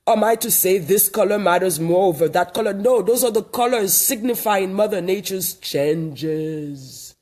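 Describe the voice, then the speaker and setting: A man from Haiti holds forth in a backyard monologue. His voice sits high, and he hammers points home through repetition, like a street preacher. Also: measured pace, few pauses, darkish tone. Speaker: online commentator. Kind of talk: outdoor monologue. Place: backyard outdoors.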